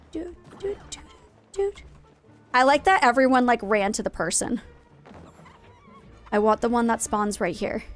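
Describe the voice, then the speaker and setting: A woman live-streaming a game in casual chat, greeting viewers and going off on playful, jokingly dramatic rants. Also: a little high.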